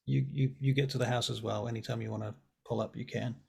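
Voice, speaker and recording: A man narrating as game master of a tabletop role-play, relaxed and joking. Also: medium pitch, fast talker, gravelly, husky.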